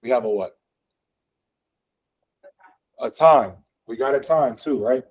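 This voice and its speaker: A man's voice: mid-range voice, takes it slowly, darkish tone, husky, poor audio. Guy teaching physics in a classroom, chatty, full of likes, keeps asking the room questions. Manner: conversational, lots of fillers, asks the class questions. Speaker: physics instructor. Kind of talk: classroom lecture. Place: classroom, also streamed online.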